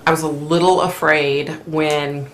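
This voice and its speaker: A woman hosting a casual live-stream chat, chatty and opinionated, clearing her throat often as her voice wears out. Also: low-pitched, level tone, unhurried, roomy sound. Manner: chatty, opinionated, frequent fillers. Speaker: host.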